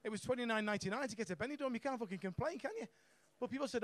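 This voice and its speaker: A man's voice: high voice, expressive, rapid-fire, few pauses. A young man doing a stand-up set on a comedy club stage, brash and sweary, laughing at his own jokes.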